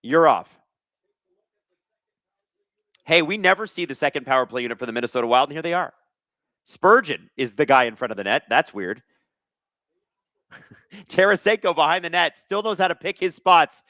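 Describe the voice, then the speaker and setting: A man hosting a live hockey watch-along, reading viewer chat aloud and calling plays with excitable energy. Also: a little high, normal speed, long pauses, no room sound, studio quality.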